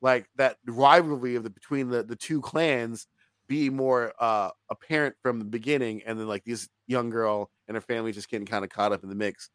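A man co-hosting a casual film review podcast, talking in an animated, profane way and laughing often. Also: medium pitch, brisk, dry recording.

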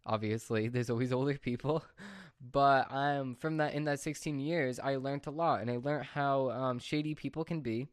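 A man's voice: medium pitch, normal speed, clear, resonant tone, no room sound, studio quality. A teenage boy talking casually to his viewers in a rambling, repetitive, exasperated rant. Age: teens. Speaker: vlogger. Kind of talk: casual monologue to camera.

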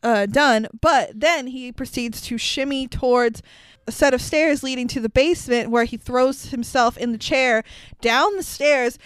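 A woman co-hosting a casual movie recap podcast, animated and exasperated, swearing freely. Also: high-pitched, a little slow, smooth, no echo. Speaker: podcast co-host.

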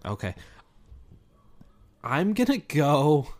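A man's voice: fairly high pitch, huge pitch swings, very slow, a little mellow. A young man co-hosting a podcast, chatting casually, rambling with frequent restarts and easy laughter. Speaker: podcast co-host. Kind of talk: casual chat.

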